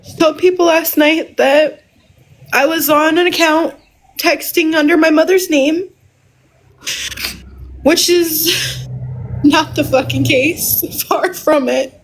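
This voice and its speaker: A woman telling her story as a guest on a livestream, tearful and emotional, halting with pauses and restarts. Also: high-pitched, fairly even intonation, poor audio. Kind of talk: casual livestream talk.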